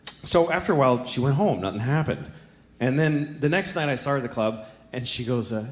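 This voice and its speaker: A man performing a stand-up comedy set on a club stage, telling crude, confessional stories in a handheld stage mic. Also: fairly quick. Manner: crude, confessional storytelling with lively pitch swings. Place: comedy club stage before a live audience. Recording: echoey live room with clear ambient noise.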